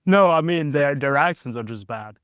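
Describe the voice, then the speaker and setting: Smooth-voiced male podcast host, teasing. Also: fairly high pitch, animated, moderate pace, fairly bright tone, no echo. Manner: teasing, short back-and-forth replies. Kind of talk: casual conversation. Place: backpacker hostel.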